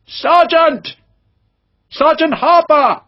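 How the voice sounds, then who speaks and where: A man's voice: sits high, expressive, normal speed, husky, pitched above the performer's own voice. A man doing a bellowing army lieutenant. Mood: shouting orders. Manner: shouted battle commands. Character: British army lieutenant commanding riflemen, barking orders. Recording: dull, dry lo-fi audiobook recording.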